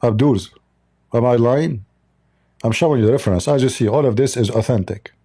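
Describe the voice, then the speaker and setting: Mellow-voiced man, mocking livestream host. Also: mid-range voice, a little fast. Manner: mocking, sarcastic. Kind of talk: livestream polemic commentary.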